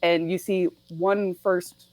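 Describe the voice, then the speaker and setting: A young woman chats as a podcast guest in a fairly low voice, animated and quick to laugh. She keeps dropping into short put-on voices to act out lines. The sound is dry and close, with no room around it. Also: no echo, poor audio. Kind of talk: casual chat about a film.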